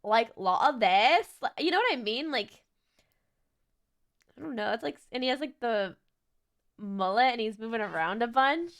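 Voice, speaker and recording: A woman's voice: a little high, animated, moderate pace, pauses often. A young adult woman streaming, chatting casually as she reacts to a video, giggly and rambling with lots of "like" and restarts.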